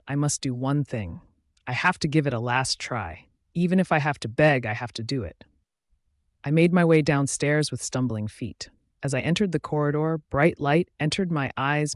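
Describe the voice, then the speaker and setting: A man's voice: a little high, dry recording, studio quality. Man narrating a dramatic audiobook. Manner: emotive, dramatic reading. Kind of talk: scripted first-person audiobook narration.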